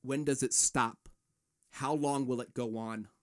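A man's voice: medium pitch, steady tone, a little slow. Fired-up, profane male podcast host. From United States. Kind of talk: ranting solo podcast.

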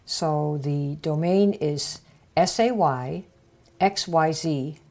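A woman hosting a marketing podcast, coaching listeners in a casual way and acting out little conversations with bright shifts of tone. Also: low-pitched, takes it slowly. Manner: acts out little dialogues with lively shifts of tone.

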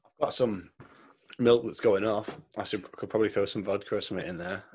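A man's voice: lowish voice, fairly even intonation, fairly quick, a little mellow, slight background noise. A man co-hosting a podcast, chatting casually and telling jokey stories, swearing freely and laughing often. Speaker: podcast co-host. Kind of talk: casual banter.

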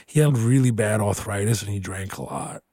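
A comedian in his thirties chatting casually, animated and playful, swearing freely as he tells stories. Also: fairly low pitch, brisk, no echo, studio quality. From Houston, Texas. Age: 30s. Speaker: comedian co-host. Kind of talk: casual chat.

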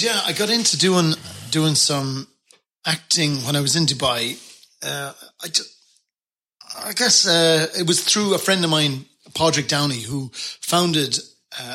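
A man's voice: a little high, sharp tone. An Irish man telling stories as a podcast guest, chatty and self-deprecating. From Ireland. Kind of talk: casual interview chat.

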